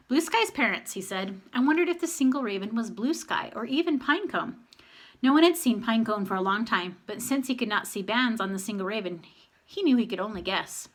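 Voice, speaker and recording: A woman reading a children's novel aloud with an expressive, animated manner. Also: on the high side. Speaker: audiobook narrator.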